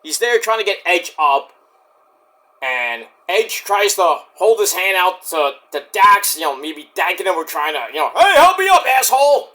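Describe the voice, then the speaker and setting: A man's voice: high voice, animated, measured pace, pushed and bright. A man reviewing a wrestling show in casual chat, rambling, sarcastic and profane.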